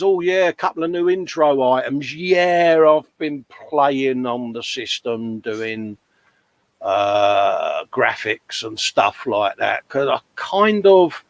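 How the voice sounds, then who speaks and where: A man's voice: medium pitch, no echo. Chatty man, dry close sound. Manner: chatty, matey, laughs often. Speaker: host of a live modelling show. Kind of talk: casual chat reading live comments.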